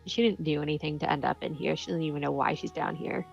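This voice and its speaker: Gravelly woman on a dull mic. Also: low-pitched, fairly even intonation, fast talker, soft background music. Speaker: player. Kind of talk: tabletop game narration.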